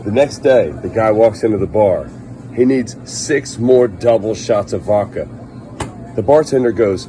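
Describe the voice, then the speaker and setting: A man's voice: fairly low pitch, expressive, measured pace, mellow, soft background music. A man telling a string of bar jokes in a storytelling way, voicing the characters a little. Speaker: joke teller.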